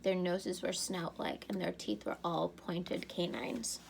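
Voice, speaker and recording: A woman teacher reading a novel aloud to her students in an expressive storybook manner. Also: fairly low pitch, a little slow, creaky, background noise.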